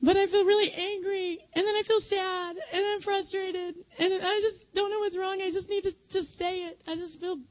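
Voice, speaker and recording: A woman voicing a distraught young woman who sobs through a late-night phone call, her voice pitched high and halting with tears, on a dull lo-fi recording. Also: level tone. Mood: sobbing, distraught.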